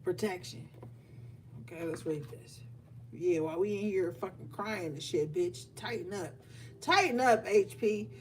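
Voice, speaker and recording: With a lowish voice at a measured pace, a woman reads tarot on a casual livestream, swearing, scolding her audience animatedly and laughing often. There's faint music and a little hiss or hum.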